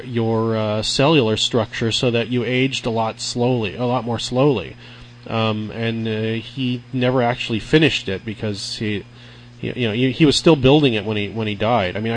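Male writer guest, medium voice, relaxed explainer, slight line hiss. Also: medium pitch, rough recording. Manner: explanatory, wry, some restarts. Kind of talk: casual radio conversation.

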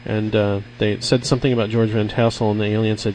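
A man's voice: on the low side, level tone, quick pace, hardly any pauses, a little mellow, slight background noise, poor audio. A man who writes on the topic, explaining things in a casual, wry way as a radio guest. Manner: explanatory, wry, some restarts.

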